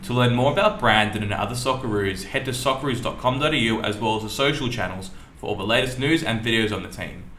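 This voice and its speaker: A man reading a scripted podcast outro as announcer, with a crisp delivery. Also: on the low side, fast, few pauses, a bit bright. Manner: crisp read. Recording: echoey room with faint noise.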